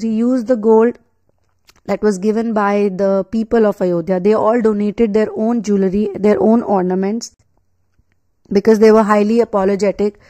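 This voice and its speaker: Warm, earnest woman retelling a legend. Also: mid-range voice, no echo. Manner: earnest, emphatic retelling with frequent restarts. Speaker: spiritual reader and storyteller. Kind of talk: casual spiritual storytelling.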